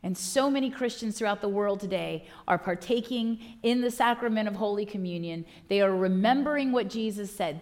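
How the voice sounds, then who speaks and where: A woman pastor preaching a sermon with impassioned delivery, swinging from loud declarations to hushed lines. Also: medium pitch, moderate pace, hardly any pauses.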